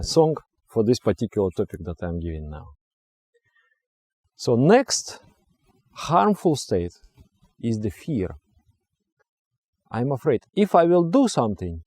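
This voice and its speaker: A man's voice: fairly low pitch, dark tone, no room sound, studio quality. A man teaching meditation in an earnest, emphatic way. He repeats key phrases and his English phrasing is slightly non-native. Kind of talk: spiritual teaching talk.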